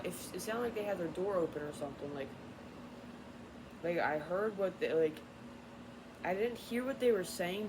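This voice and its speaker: A woman tarot reader ranting in an unscripted vlog, irritated and profane, rambling and getting louder. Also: on the low side, noisy background. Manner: grows louder and more heated.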